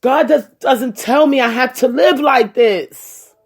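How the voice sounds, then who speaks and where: A woman with a husky, slightly breathy voice who talks slowly and deliberately. She gives a heartfelt personal talk and speaks straight to her listeners. She stresses her points by repeating them. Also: sits high. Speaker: personal storyteller addressing viewers.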